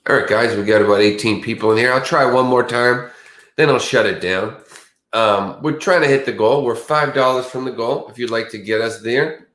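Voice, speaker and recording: A man's voice: medium pitch, moderate pace, a bit bright, echoey room. A man hosting a livestream in casual, rambling chat, chatty and self-mocking. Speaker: livestream host.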